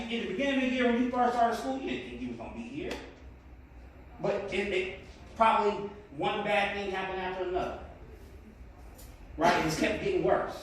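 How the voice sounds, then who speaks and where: A man's voice: sits high, a little hiss or hum. A man speaking earnestly to a class of students as a motivational speaker, rising to emphatic peaks. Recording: very echoey room, distant mic.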